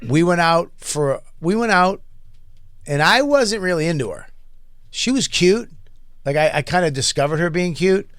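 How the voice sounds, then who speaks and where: A man on a comedy podcast with a voice a little higher than most men's. He tells rambling stories with lots of swearing and bursts of laughter, acting out the people in them. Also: lively intonation, moderate pace, fairly bright tone, clear, resonant tone, no room sound, studio quality. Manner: storytelling with profanity and laughter. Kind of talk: casual chat.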